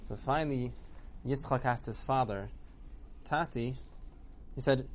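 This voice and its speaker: A man retelling a religious story for children in an animated way, acting out the characters. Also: medium pitch, measured pace, long pauses.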